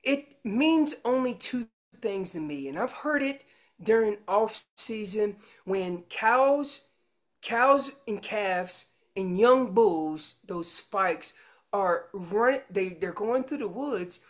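Slow, animated man teaching elk calls. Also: sits high. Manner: earnest, repeats words while explaining. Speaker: elk calling instructor. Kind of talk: outdoor how-to teaching.

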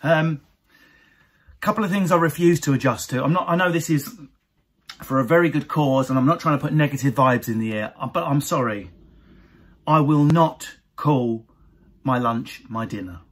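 A man from Essex doing an animated stand-up routine to camera, often jumping into high mocking voices of other people. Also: brisk, breathy edge. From Essex, England. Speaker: stand-up comedian.

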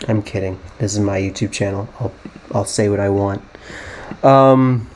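Playing a geography guessing game, a young gaming YouTuber from the United States rambles, thinks aloud, and makes fun of himself. His voice is on the low side and darkish, at normal speed, with slight background noise.

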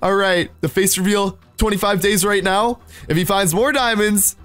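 A young man hosting a gaming video, giving excited commentary, exclaiming and laughing often. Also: high-pitched, normal speed, faint music behind. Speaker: gaming channel host.

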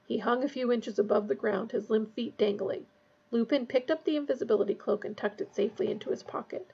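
Husky-voiced woman reading a novel aloud. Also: on the high side, a little fast, dull audio. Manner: casual recap before reading. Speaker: reader.

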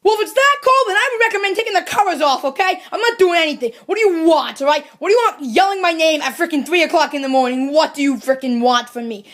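Brief: a woman playing an exasperated mushroom servant, sarcastic and fed up; very high, comedy puppet skit. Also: animated, quick pace, hardly any pauses, a bit bright.

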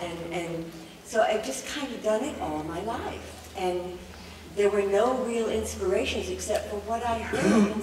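An older voice actress chatting on a convention panel, laughing often and restarting her sentences. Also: medium pitch. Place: large convention hall. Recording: echoey hall recording from far off, noisy.

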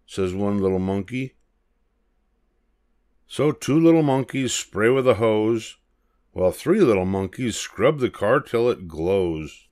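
An older man reading a rhyming picture book to children. His delivery is gentle and sing-song, and his pitch rises and falls freely. He takes an unhurried, deliberate pace. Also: expressive, no echo, clean studio sound. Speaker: storybook reader. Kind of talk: children's read-aloud.

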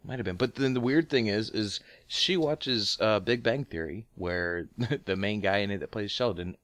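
A man's voice: fairly low pitch, moderate pace, fairly bright tone, no room sound. A man co-hosting a podcast in laid-back casual chat, drawling loosely and trailing off mid-thought. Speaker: podcast co-host.

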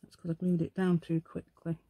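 A woman's voice: on the low side, monotone, brisk, warm tone, no room sound. A woman hosting a casual crafting tutorial at her craft table at home, thinking aloud and asking the viewer questions as she works. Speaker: craft channel host.

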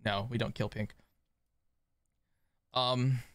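A man streaming a strategy game live, swinging between excited shouts and quiet muttering, scolding his chat. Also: mid-range voice, slow. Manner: swears mildly, talks to chat.

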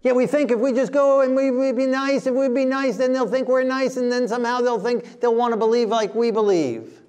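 This sermon comes from a man whose voice is very high-pitched, preaching plainly and with force while mocking the timid voices he quotes. He talks fairly quickly and smoothly, with few pauses.

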